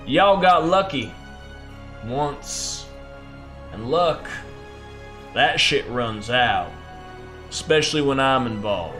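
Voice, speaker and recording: A man's voice: medium pitch, animated, takes it slowly, pauses often, bright, forceful tone, soft background music. A man voicing a menacing, trident-wielding alien gang leader who speaks with a threatening, drawling swagger.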